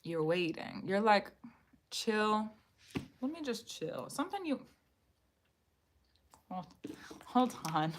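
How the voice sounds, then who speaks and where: A woman hosting a live-streamed card reading. She muses aloud, repeats her phrases and speaks directly to her viewers, sometimes dropping to a soft whisper. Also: mid-range voice, very animated, slow pace, long pauses, slight background noise. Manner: repetitive, musing, talks to viewers directly.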